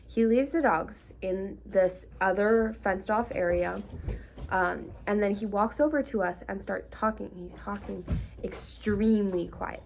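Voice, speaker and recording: A young woman talks straight to her camera in a casual vlog storytime, rambling and filling gaps with likes and ums. Her mid-height voice carries a slight gravelly fry at the ends of phrases. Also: medium pitch, a little slow, a little mellow, slight background noise. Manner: chatty, lots of likes and ums, half-laughing. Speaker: vlogger.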